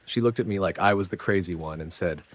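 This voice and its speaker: A man's voice: low-pitched, fast, no room sound. A man narrating a first-person story in a dramatic, conversational way with casual asides.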